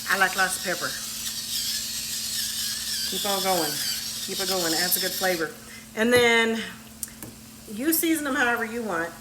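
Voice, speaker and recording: This very noisy clip features a woman's mid-range voice at normal speed, broken by long pauses. She's a home cook vlogger frying something on her stove, chatting in a folksy way and laughing readily, while the echoey kitchen rings with sizzle and stirring.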